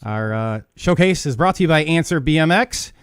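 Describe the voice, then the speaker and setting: A man's voice: on the high side, lively intonation, moderate pace. A man hosting a live talk show, reading sponsor thanks in an upbeat, joking way. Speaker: podcast host.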